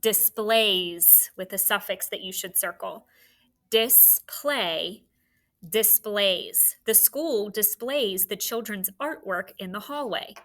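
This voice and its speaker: A woman's voice: medium pitch, slow, fairly bright tone. A woman teaching a phonics lesson, patiently dictating words and sounds and encouraging young students.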